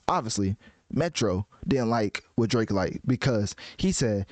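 A man giving casual music commentary in a rambling, animated way, often restarting his sentences. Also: on the low side, measured pace, dry recording.

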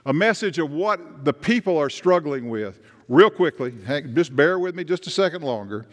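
A man, preaching a sermon as pastor, talking in a conversational way and asking the congregation questions. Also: on the high side. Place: church sanctuary. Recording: long reverb of a church hall.

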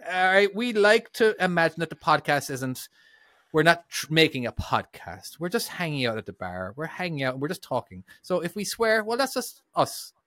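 A man's voice: on the high side, sing-song, normal speed, sharp tone, no echo, clean studio sound. A man hosting a podcast in loose, sweary, casual chat. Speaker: podcast host.

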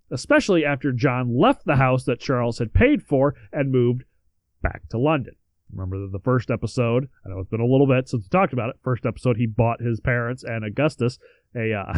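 On a dry recording, a podcast co-host with a medium-pitched voice reads historical facts in a relaxed way, then follows them with jokey asides and an occasional curse.

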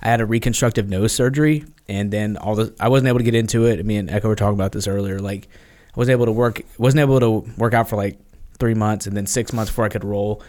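A man speaking as a podcast guest, earnest and halting, often restarting his sentences, and sounding tired. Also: fairly low pitch, fairly even intonation, darkish tone. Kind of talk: candid conversation.

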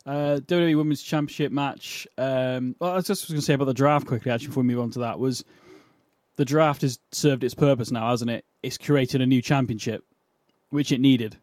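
A man's voice: mid-range voice, fairly even intonation, a little fast, a little mellow, dry recording, studio quality. A man co-hosting a wrestling podcast in casual chat, thinking aloud with ums and tag questions. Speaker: podcast co-host.

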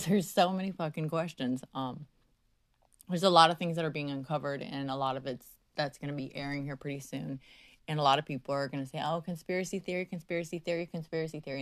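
A woman hosts her own livestream in a low, dry voice. She rambles, circling back with fillers and dropping the odd curse. The delivery feels unscripted and personal. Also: no echo. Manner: meandering, profane, frequent fillers; brash and mocking with callers. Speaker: livestream host.

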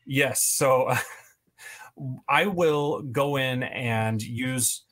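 Male guest, mid pitch, talks at length, loose and filler-heavy. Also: very slow, fairly bright tone. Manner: long rambling answers with many fillers. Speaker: podcast guest, toy video creator. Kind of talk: casual interview chat.

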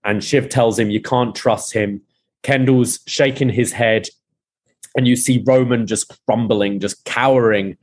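A man hosting a podcast, retelling a TV episode scene by scene and quoting the characters' lines in a lively way. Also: mid-range voice, measured pace. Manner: animated retelling with quoted lines. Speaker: podcast host recapping a TV episode. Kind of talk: casual recap, reading out scene dialogue.

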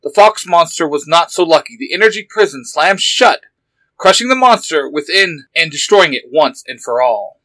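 A man's voice: fairly high pitch, lively intonation, normal speed, sharp tone, no echo, low-quality recording. A man reading a superhero fan story aloud with eager narration.

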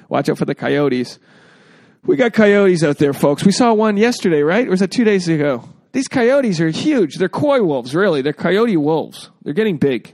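A man's voice: on the high side, creaky, a little mellow, dry recording. A man hosting a casual podcast, joking freely and acting out quotes in exaggerated voices. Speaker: podcast host.

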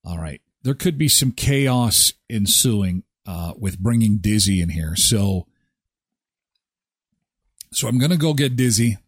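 Lively male morning show host. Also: fairly low pitch, takes it slowly, husky, no echo, clean studio sound. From Canada. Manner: animated, conversational, playful. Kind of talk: live morning show talk. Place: small broadcast studio. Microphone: studio microphone.

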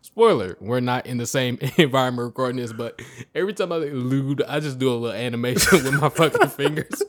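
A man's voice: medium pitch, fast. A man co-hosting a casual podcast from his own setup, loose and profane, laughing often as he banters. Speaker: podcast co-host. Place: home setup, recording separately from co-host.

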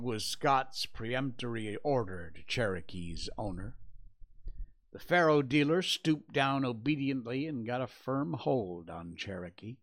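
Slow, measured male storyteller. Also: mid-range voice, animated, fairly bright tone. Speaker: host reading a novel aloud. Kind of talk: storybook reading aloud.

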